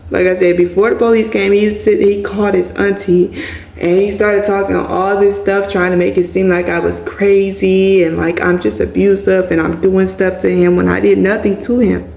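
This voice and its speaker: A woman vlogger talks to her audience in a casual, direct way, calling them "y'all" as she tells an emotional personal story. Her voice has a gravelly, creaky edge. The sound echoes off the room around her. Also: medium pitch, flat delivery, normal speed, warm tone. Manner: casual, addresses viewers as y'all.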